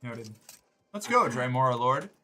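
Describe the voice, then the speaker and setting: A man's voice: medium pitch, a little slow, soft background music. A man streaming a game live, rambling and swearing as he plays and chats. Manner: animated, rambling and profane. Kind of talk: live gameplay streaming chat.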